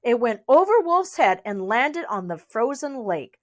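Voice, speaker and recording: A woman's voice: fairly high pitch, very animated, a little slow. A young adult woman reading a storybook aloud, with chatty asides to young listeners. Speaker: reader.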